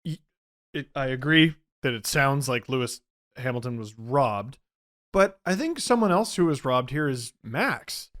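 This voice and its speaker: A man's voice: medium pitch, expressive, measured pace, fairly bright tone. A man co-hosting a casual sports podcast, curious and asking naive questions about an unfamiliar sport. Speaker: podcast co-host.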